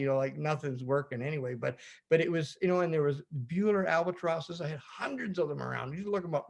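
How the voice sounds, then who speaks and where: A man giving a storytelling talk over a video call, animated and rambling, often chuckling as he goes. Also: on the high side, vocal fry. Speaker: sailor giving a presentation.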